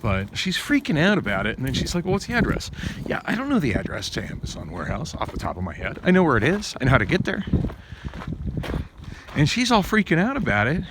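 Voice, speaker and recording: Talking fast with a wildly swooping pitch, a man vlogs a casual rant recounting a bad ride. The telling rambles, full of fillers and restarts, and his voice goes up when he's agitated, with noise in the background.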